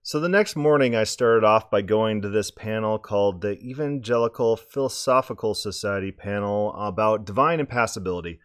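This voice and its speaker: A man with a hoarse, scratchy voice hosting a podcast, rambling casually and repeating words as he restarts his sentences. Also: on the low side, normal speed, few pauses, dry recording, studio quality. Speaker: podcast host.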